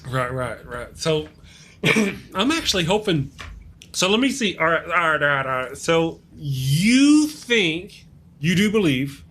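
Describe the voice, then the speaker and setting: A man's voice: a little high, very animated, unhurried, a bit bright, a little hiss or hum. A man hosting a casual live-stream chat, trading self-mocking jokes and greeting viewers. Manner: self-mocking jokey banter. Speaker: show host.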